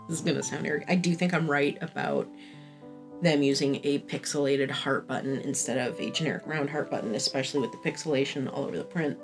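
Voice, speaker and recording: A woman in her thirties chatting through a casual review vlog, candid, rambling and self-deprecating, with frequent swearing. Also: low-pitched. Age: 30s. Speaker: fashion vlogger.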